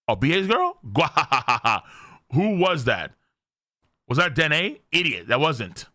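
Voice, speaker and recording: A young man hosting a live stream where he reacts to a manga, excitable and cursing freely as he reads character lines aloud. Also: fairly high pitch, slow pace, no echo, studio quality.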